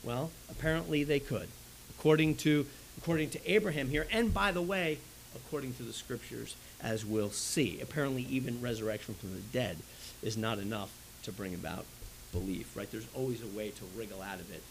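A man preaching a sermon in an animated way, swinging between loud and soft, often checking in with "right?". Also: medium pitch, brisk, creaky, a little hiss or hum, low-quality recording. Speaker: pastor.

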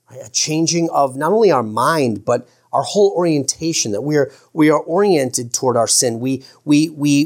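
A man preaching a sermon as pastor, earnest, slowing for emphasis and stumbling over restarts. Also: medium pitch, darkish tone. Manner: shifts from slow emphatic phrases to quick asides.

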